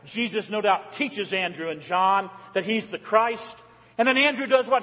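High-voiced preacher in an echoing church. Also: male voice, lively intonation, a little slow, a bit bright. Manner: emphatic preaching with repeated rhetorical questions. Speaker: pastor. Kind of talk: sermon. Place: church sanctuary. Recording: long church reverb.

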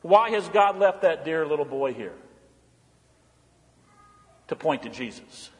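A man preaching a sermon as pastor in a church, blunt and emphatic, swinging from loud calls to hushed pleading. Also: on the high side, sing-song, slow. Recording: church hall reverb.

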